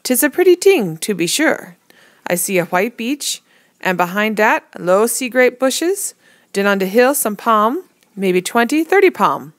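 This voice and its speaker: A woman voicing an old West Indian sailor with a Caribbean accent, speaking in dialect, booming when angry and soft when calm. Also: normal speed, hardly any pauses, no echo. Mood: cheerful. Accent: put-on Caribbean English.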